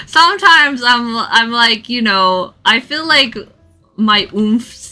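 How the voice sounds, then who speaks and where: A woman's voice: a little high, slow, faint music behind. A young woman chatting casually on a drawing livestream, telling stories with lots of giggles. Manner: giggly, animated storytelling with frequent laughs. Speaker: artist streaming a live drawing session.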